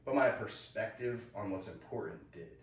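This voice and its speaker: A man's voice: lowish voice, moderate pace. Candid man in his thirties, echoey room. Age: 30s. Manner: candid storyteller, acts out dialogue. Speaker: podcast co-host. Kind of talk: casual podcast chat. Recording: echoey room, far from the mic.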